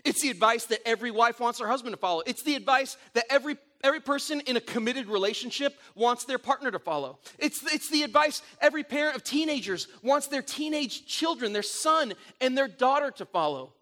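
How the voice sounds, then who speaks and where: A middle-aged man preaching a sermon, telling stories in an animated way with frequent restarts. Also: very high voice, fairly quick, hardly any pauses. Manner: animated storytelling with repeated restarts. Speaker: pastor.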